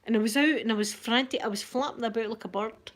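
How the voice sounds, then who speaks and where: A middle-aged Scottish woman hosting a soft-spoken ASMR vlog, chatty and rambling, with local words like wee and yous. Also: fairly high pitch, fast. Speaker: ASMR channel host.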